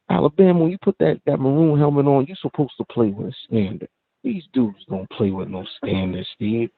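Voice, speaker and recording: Male caller from New Jersey, husky, animated, emphatic rant, tinny phone line. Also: mid-range voice, dry recording. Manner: heated, emphatic complaining. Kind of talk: call-in sports talk.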